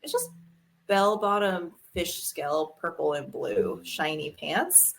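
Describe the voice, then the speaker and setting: A woman in her thirties co-hosting a casual podcast, telling stories with lively energy, swearing freely and acting out her kids' voices. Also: low-pitched, slow, creaky. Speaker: podcast co-host. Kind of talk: casual chat.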